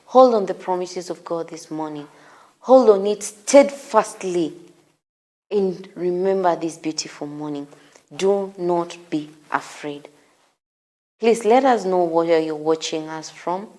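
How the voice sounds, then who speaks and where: A woman hosting a morning devotional, preaching slowly with repeated, encouraging exhortations. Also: on the low side, darkish tone. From Kenya. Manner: slow, repetitive, encouraging exhortation. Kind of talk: sermon.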